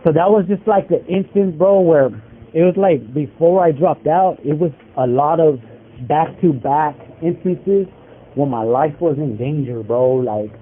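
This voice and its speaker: A man's voice: fairly high pitch, unhurried. A man in prison telling a story in casual street slang, rambling with lots of fillers, over a phone call. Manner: rambling, filler-heavy street slang, many likes and bros. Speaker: incarcerated interviewee telling a story. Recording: tinny prison phone line with faint hiss.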